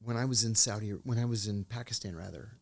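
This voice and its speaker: A man's voice: lowish voice, fast talker, vocal fry. Man telling stories in an interview. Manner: anecdotal, acts out quoted dialogue. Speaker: interview guest, former intelligence officer. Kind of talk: storytelling in a conversational interview.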